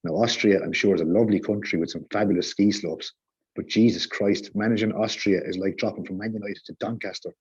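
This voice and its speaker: A man with a low, husky voice rants with heated sarcasm in casual podcast talk. His tone is dark and mellow. The audio sounds dull and lo-fi. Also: steady tone, a little fast. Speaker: podcast guest.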